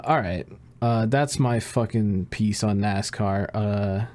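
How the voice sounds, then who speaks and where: A man co-hosting a podcast in casual chat, ranting and swearing with lively energy. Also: on the low side, takes it slowly. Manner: ranting, profane, animated. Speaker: podcast co-host.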